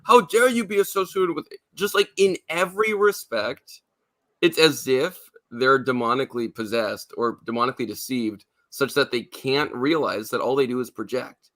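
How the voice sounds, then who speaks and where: A man's voice: mid-range voice, moderate pace, fairly bright tone. A man on a panel, arguing his points in a casual discussion with rhetorical asides. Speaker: panel guest.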